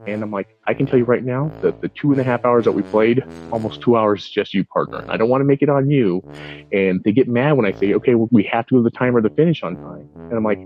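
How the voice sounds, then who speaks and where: Here the same kind of American podcast guest chats casually, animatedly spinning stories and performing the quotes in them. He speaks fast in a mid-range voice, and the recording is muffled with faint music behind it.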